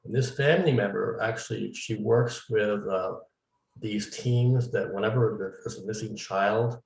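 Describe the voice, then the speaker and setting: This interview guest, of medium standing, speaks in a gravelly, darkish voice on the low side, at a measured pace. He casually recounts events at length and performs the lines of dialogue he quotes. The mic is distant and the room sound is noticeable.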